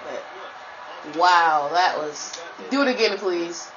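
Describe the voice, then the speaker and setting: Excitable trash-talking woman gamer, dull mic. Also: slow pace, a crowd in the background. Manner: excitable trash talk with sudden high shouts. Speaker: gamer playing a football video game. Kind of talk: live gameplay commentary.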